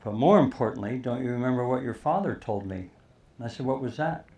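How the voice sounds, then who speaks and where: An older man telling a lively golf story to an audience, acting out the quoted lines. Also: medium pitch, a little fast. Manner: animated storyteller, acts out quotes. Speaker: speaker telling a caddie story.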